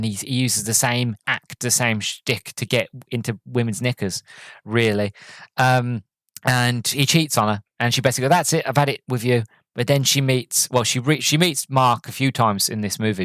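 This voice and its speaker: A man's voice: mid-range voice, dry recording. Male podcast host, mid-range voice, casual rambling review with many restarts, dry sound. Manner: rambling, self-correcting retelling. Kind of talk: solo movie review chat.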